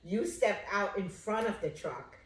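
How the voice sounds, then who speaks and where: A woman's voice: mid-range voice, unhurried, reverberant. A woman, the host's mother, telling a family story in casual chat and acting out the quotes. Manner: animated storyteller, acts out quotes with laughter.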